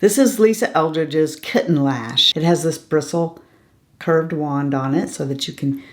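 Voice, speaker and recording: A woman's voice: low voice, darkish tone. A middle-aged woman chatting casually and frankly while reviewing beauty products, often laughing and asking "okay?". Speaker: beauty vlogger.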